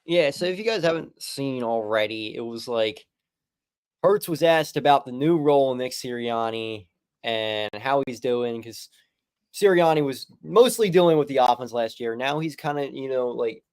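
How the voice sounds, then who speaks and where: A man's voice: mid-range voice, normal speed, smooth. A young man co-hosting a casual sports podcast. He is opinionated and swears casually. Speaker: podcast co-host.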